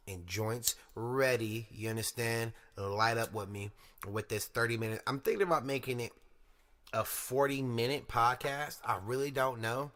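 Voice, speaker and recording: A man's voice: mid-range voice, bright, forceful tone. A young man from Sacramento hosting his own podcast, talking to listeners in a loose, profane, slang-heavy monologue. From Sacramento, California. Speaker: podcast host.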